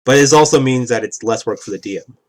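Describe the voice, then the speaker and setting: A man's voice: medium pitch, fast talker. A man explaining the rules of a tabletop game in a rambling, casual way, often checking in with "right?". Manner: rambling, keeps asking "right?".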